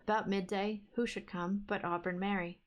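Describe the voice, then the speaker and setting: A woman reading a fairy tale aloud for a book club stream, in a steady, even storytelling manner. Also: mid-range voice, moderate pace, dull audio.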